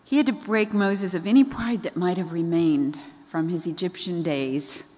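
A woman's voice: fairly low pitch, normal speed, darkish tone. Conversational woman preacher in a hall. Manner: conversational, asks the audience questions. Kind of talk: sermon. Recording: long reverb of a large hall.

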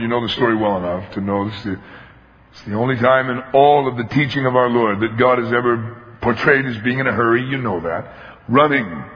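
A man preaching a sermon, telling a story with emphatic animation and acting out the voices of its characters. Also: medium pitch. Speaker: pastor. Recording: long hall reverb, dull lo-fi sound.

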